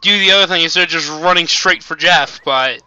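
A young man with a high, very bright voice talks through a video game, chatty and quick to yell at whatever attacks him. His tone is smooth and crisp, but the home mic recording sounds dull and lo-fi. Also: no room sound. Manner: excitable, yells at enemies, chatty asides. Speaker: let's play gamer. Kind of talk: casual gameplay commentary.

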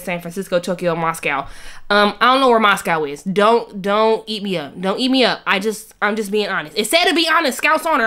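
A woman in her twenties reading out a quiz in a casual, playful chat full of slang and quick asides. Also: medium pitch, fairly bright tone. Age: 20s. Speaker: YouTuber.

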